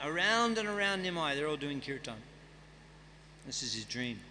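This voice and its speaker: A man's voice: a little high, very animated, moderate pace, pauses often, bright, forceful tone, long reverb tail, slight background noise. A man giving a scripture class, reading and chanting verses and then explaining them in a conversational way. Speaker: guest speaker at a temple festival. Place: temple hall.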